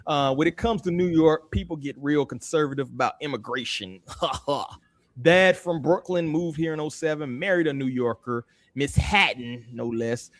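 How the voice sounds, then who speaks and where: A man hosting a casual roundtable podcast, wry and animated, swearing freely as he asks the panel questions. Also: fairly high pitch, moderate pace, no room sound. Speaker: podcast host.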